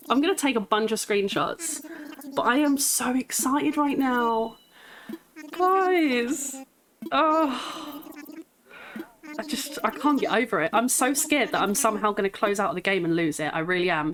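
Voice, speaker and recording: A woman giving excited gameplay commentary as a gaming YouTuber, gushing with nervous laughter and squealing bursts of joy. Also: medium pitch, poor audio.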